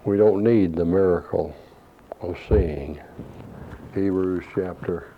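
A man's voice: low-pitched, slow, a little hiss or hum. A man preaching a sermon, asking rhetorical questions and quoting scripture. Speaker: pastor. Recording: dull lo-fi recording.

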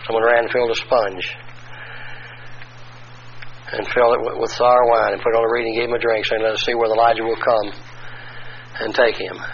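A man preaching a sermon, reading long scripture passages aloud and pausing to explain them. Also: mid-range voice, flat delivery, muffled recording, slight background noise. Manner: reads passages then explains, corrects himself.

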